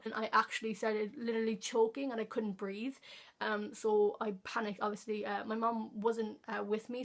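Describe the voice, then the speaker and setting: A woman's voice: medium pitch, gravelly. Rambling teen girl telling a story. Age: teens. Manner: rambling, many fillers and restarts. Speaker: vlogger. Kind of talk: casual storytime vlog.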